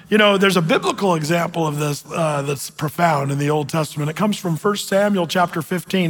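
Older male pastor, high-pitched, chatty sermon with fillers, long hall reverb. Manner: conversational, many fillers and restarts, acts out quoted voices.

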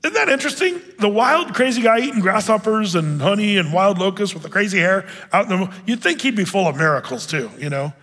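Male pastor, high-pitched, animated sermon delivery, echoing church hall. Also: a little fast, hardly any pauses. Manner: animated, acts out quotes with sudden loud bursts.

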